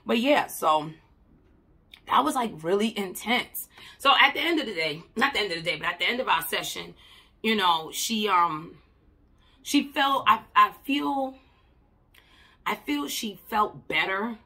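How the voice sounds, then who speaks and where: Woman, mental health worker, casual story to camera; husky, emphatic, blunt and repetitive. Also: medium pitch, lively intonation, a little slow, pauses often. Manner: emphatic, blunt and repetitive, swinging between loud and soft; swears casually.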